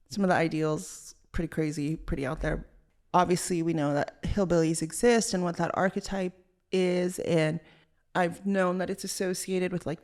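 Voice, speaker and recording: Young woman, podcast host, lower voice, vocal fry, chatty valley-girl filler talk. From Los Angeles, Southern California. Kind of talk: casual solo podcast chat.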